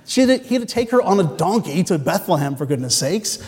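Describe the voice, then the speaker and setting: A man's voice: high voice, sing-song, fast talker, darkish tone. A man preaching a sermon from a church sanctuary, earnest and storytelling, with joking asides. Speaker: pastor. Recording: long church-hall reverb.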